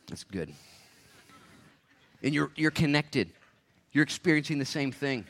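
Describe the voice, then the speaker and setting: Male pastor with a high voice, preaching with fire, drops to a hush then erupts. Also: animated. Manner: impassioned, swinging from hushed to shouting; rapid-fire rhetorical questions. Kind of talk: sermon. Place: church service.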